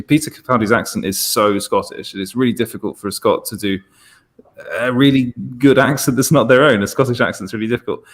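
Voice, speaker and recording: A man from England with an English accent, chatting casually on a panel and stumbling over restarts. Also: medium pitch. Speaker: podcast panelist. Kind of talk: casual group chat.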